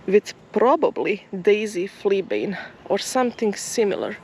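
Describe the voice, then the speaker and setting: A woman vlogging outdoors in a field, musing softly and hesitantly as she walks. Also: medium pitch, big pitch swings, unhurried, slight background noise. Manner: soft, musing, slightly hesitant. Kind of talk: casual outdoor vlog narration. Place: outdoors in a field near a forest.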